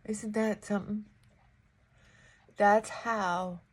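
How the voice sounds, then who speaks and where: Slow husky woman chatting while getting ready. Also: mid-range voice, fairly even intonation. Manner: slow, chatty, talks to her dog between thoughts. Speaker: vlogger. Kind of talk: casual morning chat while getting ready. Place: home.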